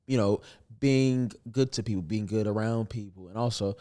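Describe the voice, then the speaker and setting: A man's voice: fairly low pitch, normal speed, dark tone. A young man, a comedian, telling stories in a casual podcast chat, playful and laughing often. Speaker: comedian guest.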